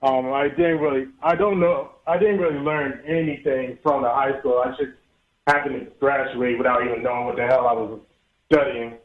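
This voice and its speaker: A man in his thirties calling in to a show, speaking haltingly with many restarts and fillers. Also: medium pitch. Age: 30s. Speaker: caller. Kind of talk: call-in chat. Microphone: phone. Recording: tinny phone line.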